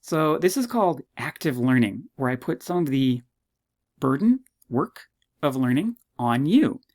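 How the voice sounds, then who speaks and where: A man teaches a university psychology course in a recorded walkthrough. He talks fast and casually, with self-mocking jokes. His pitch jumps when something amuses him. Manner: chatty, self-mocking, jokey asides; quick, animated delivery with sudden pitch jumps.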